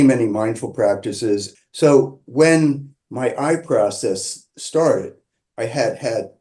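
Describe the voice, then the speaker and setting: A man calmly telling a personal story, measured and reflective, with pauses and restarts. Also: mid-range voice. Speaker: qigong practitioner sharing his story.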